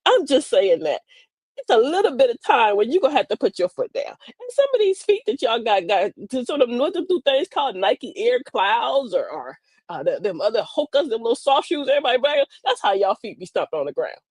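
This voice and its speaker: Husky, animated grandmother on a livestream. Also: a little high, brisk, dry recording. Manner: animated, sassy storytelling with laughs. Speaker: livestream host. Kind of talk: casual comedic livestream monologue.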